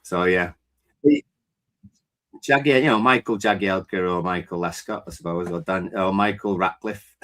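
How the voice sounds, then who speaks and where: Low-voiced hesitant podcast co-host. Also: male voice, normal speed, fairly bright tone. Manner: hesitant, searching for words. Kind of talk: casual fan podcast chat.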